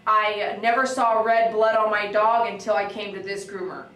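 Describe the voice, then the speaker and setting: A woman dog groomer chatting on a livestream, reading viewer comments and telling stories in an animated, excitable way that breaks into shouts. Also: mid-range voice, normal speed, far from the mic. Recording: echoey room, voice away from the mic.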